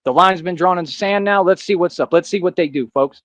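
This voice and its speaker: An American man delivers a defiant rant, boastful and confrontational, circling back to the same points again and again. His voice sits a little high for a man. The sound is dry and close, with no room around it. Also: brisk, dry recording. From United States. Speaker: self-styled vigilante. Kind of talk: ranting monologue to camera.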